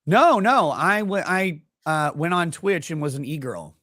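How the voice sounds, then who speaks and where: A man's voice: a little high, animated, a little slow, sharp tone, no room sound, studio quality. A man who is a guest on a casual stream chat, laid-back and self-mocking.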